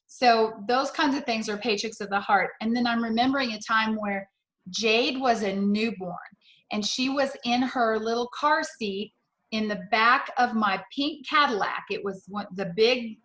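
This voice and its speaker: A woman's voice: a little high, unhurried, a bit bright. A middle-aged woman giving an enthusiastic, storytelling sales talk on a video call. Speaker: sales director. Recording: echoey room on a video call.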